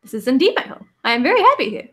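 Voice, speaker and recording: A woman's voice: sits high, very animated, very fast, pushed and bright, husky, voice pushed up, exaggerated voice. A woman voicing a tiny cheerful male copper automaton servant with a cute little robotic voice. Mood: eager. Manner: eager, dutiful, formal.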